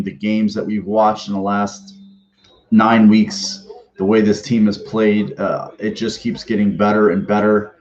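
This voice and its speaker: On his fan sports podcast, this host speaks in a fairly low, darkish voice, with the high frequencies cut off. His talk is loose and profane, full of fillers and restarted sentences.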